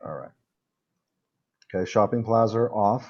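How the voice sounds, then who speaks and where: A man's voice: fairly low pitch, a little slow, highs cut off. Patient man teaching English. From United States. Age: 40s. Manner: patient, repeats words to model pronunciation. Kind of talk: casual one-on-one lesson.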